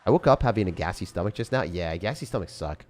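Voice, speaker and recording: A man streaming gameplay, chatting casually with viewers in a slangy way, with sudden loud excited outbursts. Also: deep voice, fast talker. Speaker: gaming streamer.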